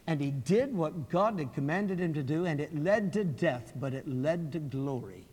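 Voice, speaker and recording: A man preaching a sermon, telling a story dramatically and swinging from loud outbursts to hushed prayer. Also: a little high, expressive, normal speed, few pauses. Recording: hall with long reverb.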